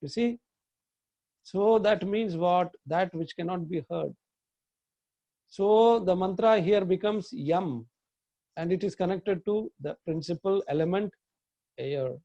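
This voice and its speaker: A man, a yoga teacher, slowly guiding a chakra meditation, giving calm breathing instructions and chanting mantras in long tones. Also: high voice, no room sound, muffled recording.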